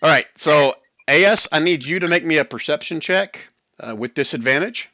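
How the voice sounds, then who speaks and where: A man narrating and running an online tabletop role-playing game as game master, relaxed and chuckling. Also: no echo, dull audio. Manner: relaxed, chuckling, voices the crowd in quick high bursts. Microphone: headset or desk mic on voice chat.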